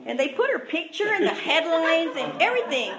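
A woman's voice: very high-pitched, sing-song, a little fast, a crowd in the background. A woman sharing her own recovery story, candid and self-mocking, chatty with lots of asides. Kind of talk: personal recovery testimony. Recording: echoey room.

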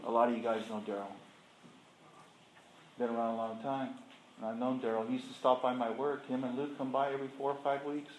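A man's voice: medium pitch, level tone, fairly quick, pauses often, darkish tone, slight background noise. A middle-aged man sharing his recovery story at a support meeting, plainspoken and self-deprecating, acting out past conversations. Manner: plainspoken and self-deprecating, acts out dialogue with laughter. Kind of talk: candid personal testimony to a group. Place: meeting room with an audience. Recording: roomy room echo with faint ambience.

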